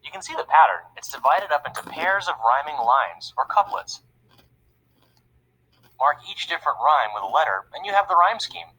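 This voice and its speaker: A lively cartoon explainer. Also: male voice, a little high, normal speed, slight background noise, low-quality recording. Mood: upbeat. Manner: upbeat, chatty, explains things plainly. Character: friendly young male cartoon explainer. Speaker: narrator of an educational cartoon. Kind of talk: scripted educational narration.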